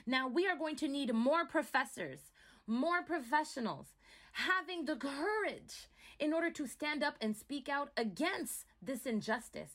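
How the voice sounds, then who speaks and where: A woman's voice: sits high, expressive, unhurried, a bit bright. A woman from Montreal giving emphatic opinion commentary as a vlogger, often checking in with "right?". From Montreal, Canada. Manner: emphatic, keeps asking "right?".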